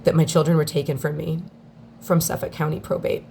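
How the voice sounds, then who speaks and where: Creaky low-voiced woman near tears. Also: little pitch movement, warm tone, slight background noise. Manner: halting, heartfelt, with long pauses. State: on the verge of tears. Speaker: mother speaking out in a daily video diary. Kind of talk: emotional personal video statement.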